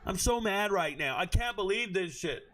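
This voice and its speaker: A man's voice: high-pitched, animated, moderate pace, bright, forceful tone, pitched above the performer's own voice. Man mocking a dramatic venting young woman. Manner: overdramatic, complaining.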